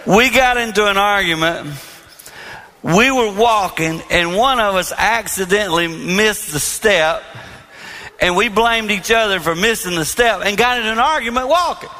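A man's voice: sits high, animated, moderate pace, sharp tone, long reverb tail. A middle-aged man preaching on marriage, telling stories with self-deprecating humor that turn earnest. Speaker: marriage speaker and minister. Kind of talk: storytelling sermon.

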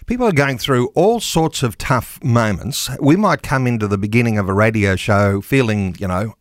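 A man, a radio talk show host, chatting in a measured, reflective way with plenty of fillers. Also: mid-range voice, lively intonation, no echo, clean studio sound. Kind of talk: casual radio chat.

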